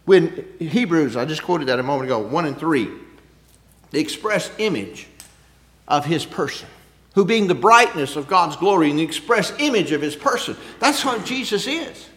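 A man preaching a sermon in a conversational way, asking rhetorical questions and swinging between loud emphasis and quiet asides. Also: a little high, lively intonation, moderate pace.

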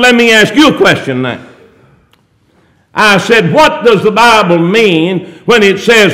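A man preaching a fervent sermon, swinging between loud exhortation and low murmured asides.

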